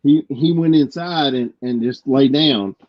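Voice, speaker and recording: A middle-aged man speaking in a halting, blunt way during casual chat. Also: mid-range voice, dull audio.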